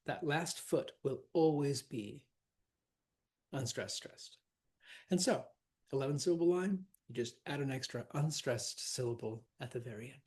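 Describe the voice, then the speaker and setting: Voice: medium pitch, moderate pace, darkish tone, husky. A teacher giving a loose, chatty lecture on verse, with asides and fillers, sometimes counting out stresses in sing-song syllables.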